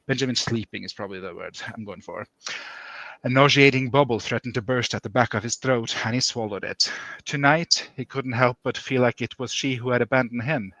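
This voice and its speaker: A man chatting casually with a co-host on a stream and reading his own fiction aloud in an easygoing, steady way. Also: medium pitch, no echo, rough recording. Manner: easygoing, laughs often, reads prose steadily.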